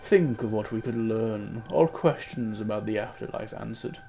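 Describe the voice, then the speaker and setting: A man voicing an eccentric older gentleman in a video game, who talks earnestly and drops low on his asides. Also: moderate pace, creaky, highs cut off, faint music behind. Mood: enthused.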